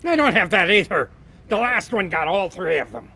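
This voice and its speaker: A man voicing a cheeky, tricky little male leprechaun with a put-on Irish brogue and a high, excited lilt. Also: normal speed, slight background noise, full character voice. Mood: aggrieved.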